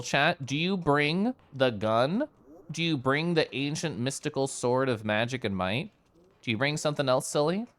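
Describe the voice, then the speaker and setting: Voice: medium pitch, no room sound. Giggly, playful game streamer. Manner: giggly, playful, talking to chat. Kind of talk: casual live-stream gameplay chat. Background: faint game music.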